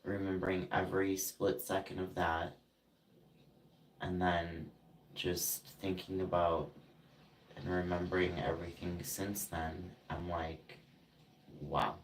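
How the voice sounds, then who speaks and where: A man with a very low voice pours out a personal grievance at a slow, dragging pace, breaking off and restarting his thoughts. He is set back from the mic in an echoey room. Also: flat delivery, slight background noise. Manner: ranting, indignant, halting with frequent fillers. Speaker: vlogger. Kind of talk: emotional personal vent. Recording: roomy, distant from the mic.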